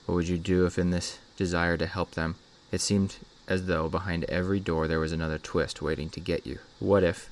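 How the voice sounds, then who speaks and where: A man hosting a channel and reading a horror story aloud in a measured, dramatic way. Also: low-pitched, flat delivery. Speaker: host, story reader. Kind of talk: scripted horror story narration.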